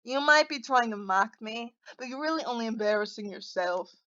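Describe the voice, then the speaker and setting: A woman's voice: on the high side, animated, normal speed, sharp tone, dry recording, highs cut off. A woman voicing a cocky, teasing young man in a visual novel, drawling smug pet names.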